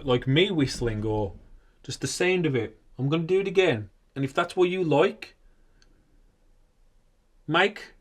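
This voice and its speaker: A British man, a paranormal investigator, slowly and softly calling out to spirits during a ghost hunt. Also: fairly high pitch. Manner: slow, hushed, coaxing.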